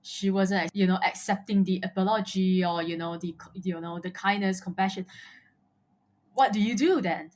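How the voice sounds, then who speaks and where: A woman's voice: mid-range voice, normal speed, a little mellow. A woman hosts an interview podcast in a mid-range voice. She politely cuts in to pose follow-up questions to her guest. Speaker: podcast host. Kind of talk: interview conversation.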